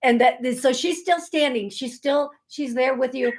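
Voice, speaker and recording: Woman medium on a video call, gentle comforting tone, kinda high voice, lots of restarts. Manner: gentle, consoling, talks in rushes with restarts. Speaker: psychic medium host. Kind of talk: live online show, relaying messages.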